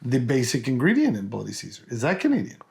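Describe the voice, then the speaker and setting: Animated podcast host, lively pitch. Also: male voice, fast talker, vocal fry, a little hiss or hum. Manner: animated quiz-master teasing, big pitch swings. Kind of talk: casual whisky podcast chat.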